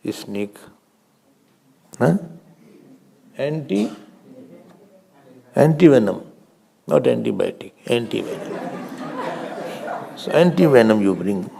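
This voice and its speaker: Gravelly Indian swami, lively teaching voice. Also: male voice, medium pitch, a faint crowd. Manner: slow, teaching with stories and questions, laughs often, drops to a whisper. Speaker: swami giving a spiritual talk. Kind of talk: spiritual discourse.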